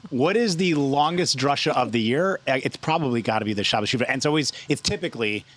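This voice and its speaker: A man's voice: mid-range voice, expressive, fast talker, a bit bright, a little hiss or hum. A man hosting a podcast, chatting casually with frequent restarts and laughter. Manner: hesitant, many restarts, laughs often. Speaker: podcast host. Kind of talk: casual chat.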